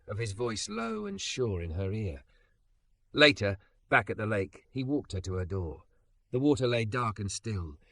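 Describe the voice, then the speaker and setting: A man reading a romance story aloud in soft, lingering scripted narration. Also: on the low side, no echo.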